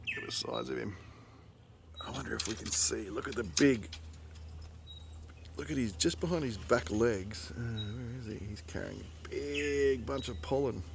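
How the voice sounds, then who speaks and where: A man with an Australian accent, chattily narrating a casual nature vlog outdoors for his nephews, getting excited and hushing near animals. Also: mid-range voice, normal speed, vocal fry, slight background noise. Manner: chatty and enthusiastic, drops to a hush near animals. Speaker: uncle filming a nature video for his nephews. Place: outdoors in a rural yard with bush and birds.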